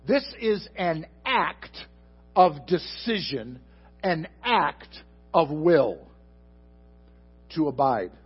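A man preaching a sermon into a microphone before a congregation, asking them questions and swinging from loud emphatic bursts to soft, slow asides. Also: a little high, very animated, breathy edge, dull audio. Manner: addresses the congregation directly with questions. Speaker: pastor. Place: church sanctuary before a congregation.

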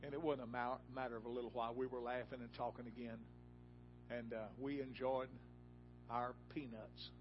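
A man's voice: mid-range voice, flat delivery, normal speed, lo-fi sound, music in the background. Folksy preacher man. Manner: folksy storytelling, rising to loud emphatic peaks. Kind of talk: sermon with personal story. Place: church.

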